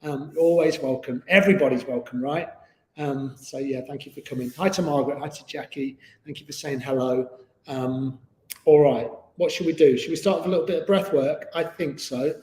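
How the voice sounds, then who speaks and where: A man's voice: a little high, steady tone, a little fast, a little mellow. A man teaching a live online yoga class in an easygoing, chatty way with many fillers. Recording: echoey room with long reverb.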